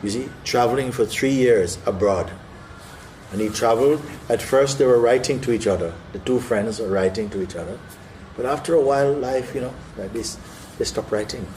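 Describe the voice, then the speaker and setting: Spiritual teacher, male, mid-pitched voice, lively parable storyteller with faint background noise. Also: moderate pace. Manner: animated, vivid, acts out scenes. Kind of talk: storytelling during a spiritual talk.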